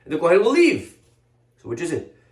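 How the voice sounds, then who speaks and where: A man, a rabbi, teaching a Torah lesson as an animated storyteller with many restarts. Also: fairly high pitch, a little fast. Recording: echoey room.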